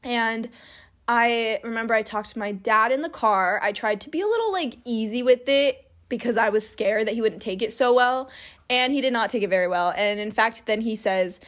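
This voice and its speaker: Young woman, candid and emotional, slightly high voice, vlog confession style. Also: moderate pace, fairly bright tone. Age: young adult. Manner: candid, emotional, laughs while telling. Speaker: vlogger. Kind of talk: personal storytime.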